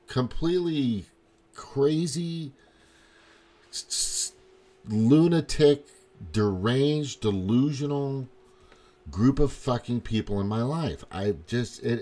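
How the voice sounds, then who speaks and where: A man's voice: medium pitch, darkish tone. A man from the ranting casually on his livestream, swearing often and rambling in disbelief. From Missouri, US. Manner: profane, rambling, incredulous. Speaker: livestream host. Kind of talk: casual political rant.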